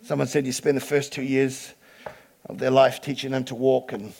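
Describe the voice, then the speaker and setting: A man preaching a sermon as pastor, moving from chatty storytelling to loud, emphatic preaching. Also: mid-range voice, flat delivery, moderate pace, vocal fry, slightly rough.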